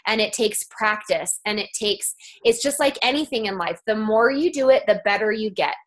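Young adult woman, peppy sales coach, fairly high voice, acts out dialogue as she tells stories. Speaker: guest speaker on a sales team call. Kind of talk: casual coaching talk.

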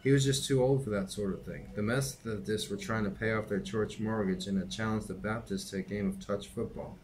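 A man reads a novel aloud in a steady, unhurried way. His voice sits lowish, and a faint hiss runs under the recording. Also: poor audio. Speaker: reader and teacher.

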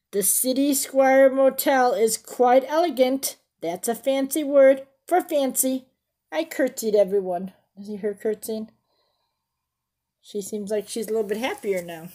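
A woman's voice: fairly high pitch, takes it slowly, long pauses, warm tone. A woman reading a picture book aloud to children, stopping often to ask about the pictures and explain fancy words. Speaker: storybook reader.

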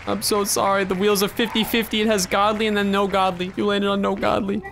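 A man's voice: high voice, fairly quick, gravelly. Chatty man doing gaming commentary. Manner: excitable, chatty, bursts into loud cheers. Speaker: gaming YouTuber host. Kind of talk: casual gaming commentary with voice chat.

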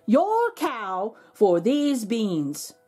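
A woman's voice: on the high side, wildly swooping pitch, extremely slow, dark tone, breathy edge, faint music behind, exaggerated voice. A sly old man from a fairy-tale book coaxes and wheedles, his voice slipping up and down as he makes his offer, as a woman reading aloud puts him on. He speaks in a persuasive, knowing way. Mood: coaxing. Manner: coaxing, persuasive. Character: sly funny-looking old man with beans.

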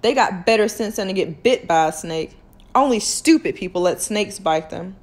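A woman's voice: mid-range voice, expressive, moderate pace, natural voice. A woman voicing a cold, sneering male town doctor who answers curtly and with contempt in a drawling dialect.

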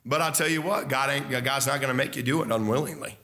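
Young man, pastor, fervent sermon, sudden loud bursts, mid-pitched voice. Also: quick pace, hardly any pauses. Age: young adult. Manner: fervent, swings between loud mock voices and low asides.

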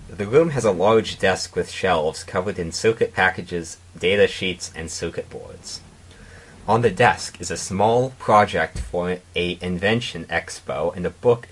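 Deep, husky deadpan narrator man. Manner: deadpan reading with mocking asides. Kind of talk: comedic dramatic reading of fan fiction.

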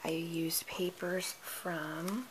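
A woman's voice: lowish voice, level tone, very slow, noisy background. A woman casually walking through her handmade cards, chatty, stumbling over product names and apologizing. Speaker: card-making crafter. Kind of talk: casual craft show-and-tell.

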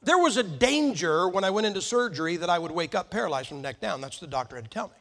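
A man's voice: high-pitched, expressive, fast, fairly bright tone. A man preaching a sermon, telling stories in a folksy way and putting questions to the congregation. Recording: long hall reverb.

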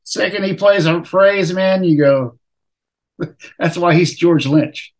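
A man with a slightly high voice hosts a casual conversation. He talks in an easygoing, agreeable way as he tells a story. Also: takes it slowly. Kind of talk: casual chat.

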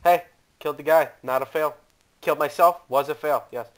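A man doing let's play commentary, talking to his viewers and yelling and cursing at the game as he plays. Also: fairly high pitch, brisk, slight background noise. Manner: excitable, yells and curses at the game. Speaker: gaming YouTuber.

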